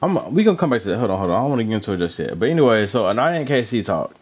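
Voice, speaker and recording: Casual male recap host with a low voice, animated delivery, chatty asides. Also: racing. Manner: animated, chatty, with asides about drinking water and lotion. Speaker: reality show recap host.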